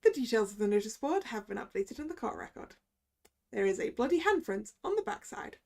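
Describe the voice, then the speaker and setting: High-voiced woman streaming a game. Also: sing-song, a little fast, creaky. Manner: chatty asides. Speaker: let's play streamer. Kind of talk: reading game dialogue aloud.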